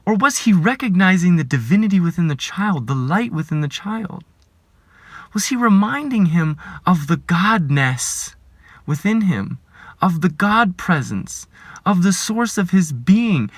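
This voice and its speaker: A man who works as a life coach gives a reflective spiritual talk, earnest and measured, posing rhetorical questions and now and then dropping to a hushed whisper. His voice sits high with a sing-song lilt, and there's no room sound.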